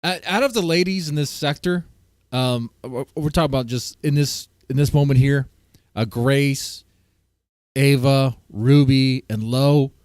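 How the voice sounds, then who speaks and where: A man's voice: medium pitch, measured pace, a little mellow, dry recording, clean studio sound. Rambling man reacting on stream. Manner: rambling, crude, lots of fillers. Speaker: streamer host. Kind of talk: casual reaction commentary.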